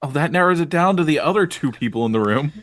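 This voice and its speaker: Sarcastic man with lively voice. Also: fairly high pitch, fast, dry recording. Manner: sarcastic, teasing. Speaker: player. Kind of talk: playing a tabletop role-play game.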